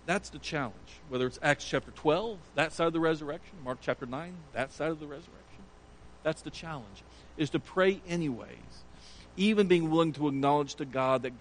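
A man's voice: a little high, a little fast, slight background noise, rough recording. Earnest man preaching a sermon. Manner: earnest, retelling scripture with emphatic rises. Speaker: pastor.

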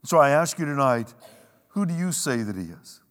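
A man preaching a sermon, emphatic, with dramatic pauses and a slow, weighty delivery when he quotes scripture. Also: mid-range voice, very animated, fairly bright tone. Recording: long reverb of a large hall.

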